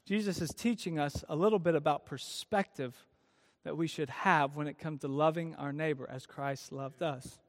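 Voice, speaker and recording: A man preaching a sermon at a youth event, retelling a story with lively emphasis and many rhetorical questions. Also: fairly high pitch, normal speed. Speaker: youth speaker. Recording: long hall reverb.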